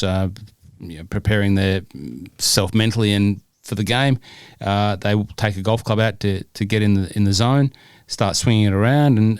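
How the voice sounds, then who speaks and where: Man, podcast co-host, low voice, dry sound, casual and self-deprecating. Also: smooth, no room sound. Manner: self-deprecating, chatty, with hesitant fillers. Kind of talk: casual podcast chat and reading quiz questions.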